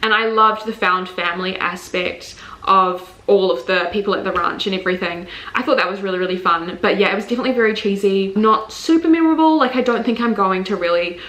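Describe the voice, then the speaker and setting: A young woman with a New Zealand accent talks through her monthly reads in a loose, candid way, peppering her speech with fillers and the odd swear. Her voice sits at an ordinary middle pitch and rings a little in a roomy space. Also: fairly quick, a bit bright. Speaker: book reviewer. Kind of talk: casual book review vlog.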